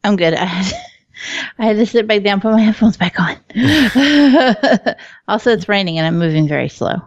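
A woman's voice: mid-range voice, expressive, normal speed, dry recording. A woman co-hosting a podcast in casual chat, talkative, laughing often and swearing freely. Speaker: podcast co-host. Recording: slightly dull lo-fi audio.

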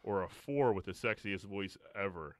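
A man's voice: sits low, normal speed, no echo. A young man co-hosting a podcast, bluntly cracking crude jokes in casual banter. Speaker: podcast co-host.

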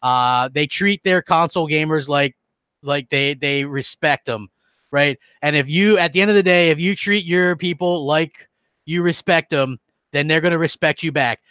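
Casting note: male gaming streamer, bright tense tone, heated rant, dry close sound. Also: a little high, normal speed, clean tone, no room sound. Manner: heated, ranting, reads out viewer comments. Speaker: gaming channel host.

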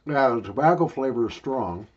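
A man's voice: mid-range voice, lively intonation, normal speed, a little mellow, slightly rough, muffled recording. An older man rambling and joking crudely while he talks around a wad of chewing tobacco in a casual review video.

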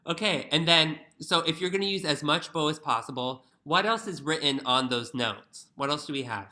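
Bright-voiced young man coaching violin. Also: on the high side, animated, normal speed. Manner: encouraging, sings phrases on nonsense syllables. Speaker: violin teacher. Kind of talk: online masterclass coaching.

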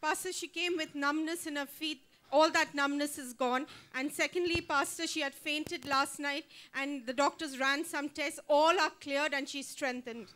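A woman reporting church testimonies to the pastor in a brisk, factual way. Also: sits high, steady tone, sharp tone.

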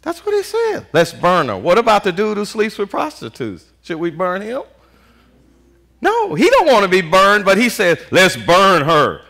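A man preaching as pastor to his congregation, with a bright, ringing voice. His pitch leaps high and low as he calls out and waits for the response. He talks in plain, casual vernacular, full of "y'all". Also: moderate pace. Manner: animated call-and-response preaching with frequent "Amen"; Southern US Black vernacular speech, "y'all". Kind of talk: sermon.

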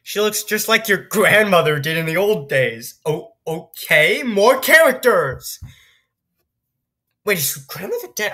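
A woman with a bright, sharp voice that swings widely in pitch as she plays a text game. She reads the story aloud in an unhurried way and breaks off into incredulous, swearing, laughing reactions. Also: sing-song, husky. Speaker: video game streamer. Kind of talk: gameplay commentary, reading story text aloud.

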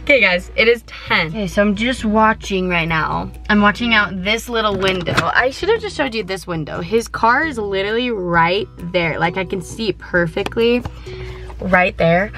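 A teenage girl vlogging from her parked car, chatty and excitable, giggling often and filling her talk with "like.". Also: mid-range voice, normal speed, over music. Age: teens. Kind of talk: casual vlog chat. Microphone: handheld camera.

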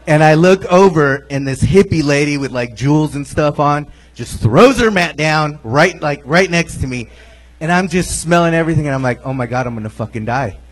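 A man's voice: a little high, animated, normal speed. Man telling a profane yoga story. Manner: laughing, profane, acts out his own lines. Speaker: guest comic. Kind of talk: first-time stand-up storytelling. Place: comedy club stage with live audience. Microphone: stage mic, multi-mic podcast audio.

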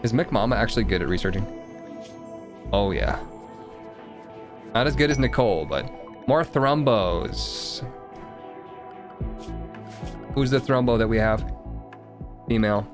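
Male streamer, lower voice, casual wisecracking commentary over faint game music. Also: expressive, normal speed, pauses often. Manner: joking, muttering to himself and the game.

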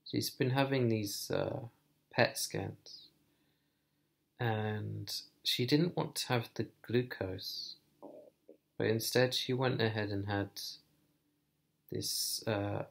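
Slow, gravelly man thinking aloud. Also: lowish voice, fairly even intonation, fairly bright tone. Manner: thoughtful, hesitant, thinking aloud with pauses. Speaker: vlogger. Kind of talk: personal vlog monologue.

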